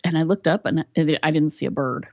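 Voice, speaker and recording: Animated woman telling a story. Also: low-pitched, fairly quick, dry recording, muffled recording. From West Virginia, US. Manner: animated storyteller who acts out quoted dialogue. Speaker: podcast guest. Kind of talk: storytelling in a casual interview.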